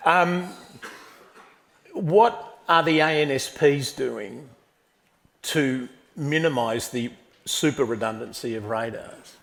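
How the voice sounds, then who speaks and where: A man moderating a conference panel discussion, jokey and quick to interject. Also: mid-range voice, creaky. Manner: joking, interjecting.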